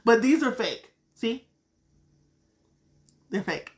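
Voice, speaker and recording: A woman's voice: a little high, lively intonation, slow pace. A woman with a Southern accent, reading tarot cards on a casual live stream, blunt and profane, calling viewers sweetheart. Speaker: tarot card reader.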